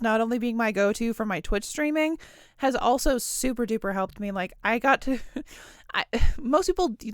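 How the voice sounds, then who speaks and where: A woman's voice: mid-range voice, clear, resonant tone, dry recording, studio quality. A young woman hosting her own podcast, rambling casually and giggling at herself as she talks. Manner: rambling, giggly, self-deprecating. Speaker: podcast host. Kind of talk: casual solo podcast chat.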